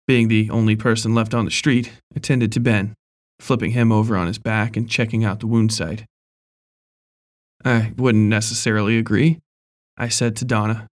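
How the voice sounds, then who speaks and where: A man reading a horror story aloud in a measured, even storytelling voice. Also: fairly low pitch. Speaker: narrator. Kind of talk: scripted horror story narration.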